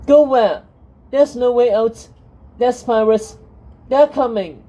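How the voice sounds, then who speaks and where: A woman's voice: fairly high pitch, takes it slowly, dark tone, pitched above the performer's own voice, rough recording. A woman voicing an anxious, fiery teenage girl witch, raising her voice in a tense, protesting way. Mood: panicked.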